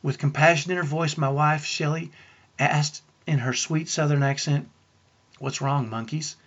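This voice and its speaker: Husky-voiced man coaching parents. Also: on the high side, level tone, moderate pace, a bit bright, lo-fi sound. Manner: earnest, uses rhetorical questions to the listener. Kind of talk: storytelling talk to parents.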